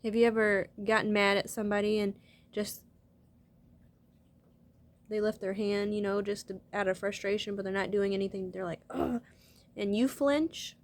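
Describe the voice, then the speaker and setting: A young woman vlogger speaks to her viewers in a heartfelt, earnest way, rambling and restarting her sentences during an emotional personal talk to camera. Her voice sits in the mid range with fairly even intonation. She keeps a moderate pace and leaves long pauses.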